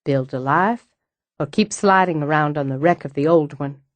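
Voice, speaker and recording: Woman playing Roz, a brisk, kind woman. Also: low-pitched, dry recording, natural voice. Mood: comforting. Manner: brisk, comforting, firm.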